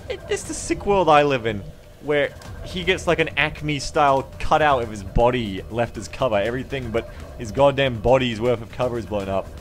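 A man commentating on his own game stream, sarcastic and wry. His pitch swings widely, and steady game music plays underneath him. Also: fairly quick. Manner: sarcastic, swinging to excited yelps.

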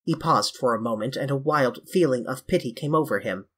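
A reader narrating a classic novel in a measured, even storytelling manner. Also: medium pitch, breathy edge. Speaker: audiobook narrator. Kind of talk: classic novel audiobook reading.

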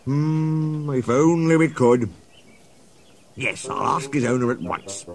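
A man's voice: medium pitch, takes it slowly. A man doing a kindly, stout railway boss.

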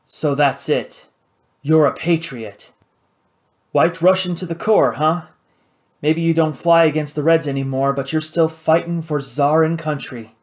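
A man voicing a tough pilot hero in an audiobook, blunt and wry, his tone a touch higher than his narration. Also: measured pace, lightly acted. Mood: probing. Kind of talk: audiobook character voice.

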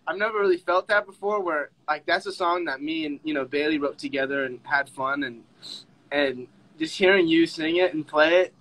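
A young man chatting on a livestream, with a bright voice that sits a bit high. He is emotional and laughs often, starting over mid-sentence. His talk is loose and casual. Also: low-quality recording. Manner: emotional, laughing, halting restarts. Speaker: livestream host.

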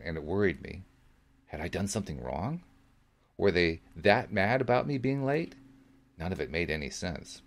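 A man reading a book aloud as a podcast host, narrating in the first person in a measured, steady way. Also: low-pitched, gravelly. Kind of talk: audiobook-style reading.

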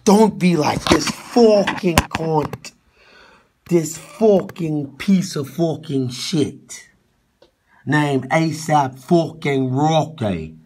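A man's voice: on the high side, animated, extremely slow, a little mellow, husky. A man on a livestream ranting in a mocking, profane, heckling way.

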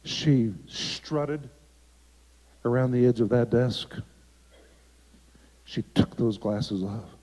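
A man preaching as a guest by video and telling a story dramatically, swinging from emphatic lines down to hushed ones. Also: mid-range voice, drawn-out words, long pauses. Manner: dramatic, emphatic, with sharp drops to quiet. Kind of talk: sermon storytelling. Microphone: remote video recording. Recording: echoey, dull lo-fi sound.

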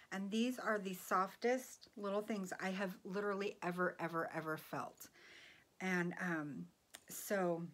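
Woman vlogger, easy slow delivery, giggly and gushing over small gifts, recorded on a phone. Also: mid-range voice. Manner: chatty, giggly, gushing, drifts into soft whispers. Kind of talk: casual chatty haul video.

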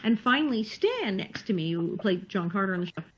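A woman actress chatting in an interview over a video call, telling animated stories with laughter. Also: mid-range voice, a little fast, breathy edge, low-quality recording. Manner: animated, laughing, acts out quotes. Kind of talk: casual storytelling interview.

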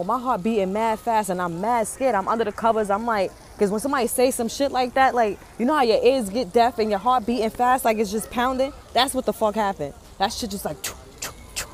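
A mother telling a story in a casual, animated way, full of swearing and drama. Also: fairly high pitch, brisk, hardly any pauses, slight background noise.

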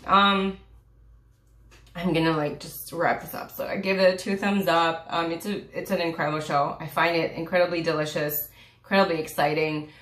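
A woman's voice: fairly low pitch, fairly even intonation, moderate pace, a bit bright. A woman vlogger reviewing a TV series in casual chat, rambling and gushing with sighs, many fillers and restarts, close to tears. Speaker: YouTube reviewer. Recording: echoey room.

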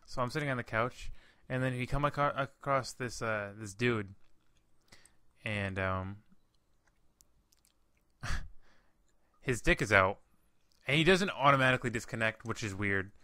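Young man, podcast host, bright voice, dry sound, rambling casual storytelling. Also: medium pitch, unhurried, long pauses, no echo. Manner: rambling storytelling with fillers, swearing. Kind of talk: casual chat.

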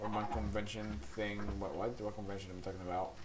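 A man's voice: lowish voice, level tone, fast talker, a crowd in the background. A man giving casual gameplay commentary as a channel host, rambling playfully and coaxing animals along.

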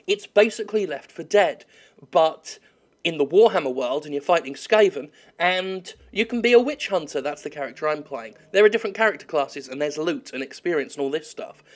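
A man giving sweary, joking let's-play commentary while he plays a game, with excitable outbursts. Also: a little high, a little fast. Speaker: games critic playing a game.

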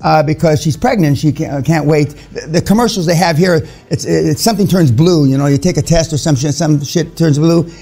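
A man's voice: a little high, a little fast, vocal fry, hardly any pauses, mellow, breathy edge. A man in his seventies giving a blunt, crude and confrontational seminar talk to a room of people, with many fillers. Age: 70s. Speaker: seminar speaker. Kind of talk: profane motivational seminar talk.

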